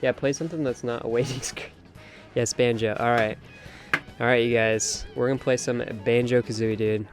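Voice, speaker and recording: At a normal speed and with fairly even intonation, a young man's mid-range voice carries a late-night game stream. He's casual, opinionated, and chatty, reading out messages from chat over faint music.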